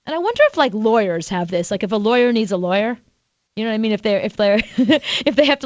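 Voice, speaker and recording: Brief: higher-voiced woman radio co-host, lively storyteller, dry muffled studio sound. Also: fast, no echo. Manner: chatty storyteller, animated, laughs often. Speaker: radio show co-host and author. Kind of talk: casual radio banter.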